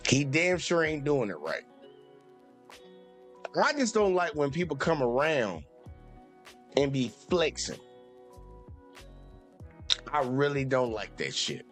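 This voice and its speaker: High-pitched dude going off on a live stream, cussing a lot, aave speech, faint music behind. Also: male voice, fairly bright tone. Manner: profane, exasperated, repetitive. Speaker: sports channel host. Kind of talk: heated live-stream rant.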